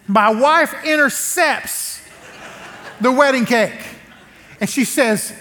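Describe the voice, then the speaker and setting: High-voiced animated preacher, echoing hall. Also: male voice, a little slow. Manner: animated, acts out quotes with big swings in pitch. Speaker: guest preacher. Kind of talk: storytelling sermon. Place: large church hall. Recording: long church hall reverb.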